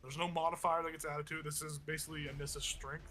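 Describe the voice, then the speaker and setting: A man's voice: on the high side, flat delivery, fast, bright, forceful tone, soft background music. A man acting as game master, explaining the rules at length with many fillers. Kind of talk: running a tabletop game.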